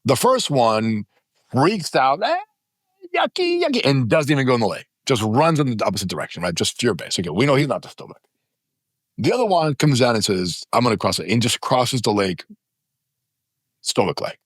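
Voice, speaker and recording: A man's voice: mid-range voice, big pitch swings, moderate pace, no room sound, studio quality. A man in his fifties, a podcast guest, telling stories emphatically and acting out the people in them. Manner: emphatic, dramatizes stories with quoted voices. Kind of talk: animated storytelling in conversation. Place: podcast studio.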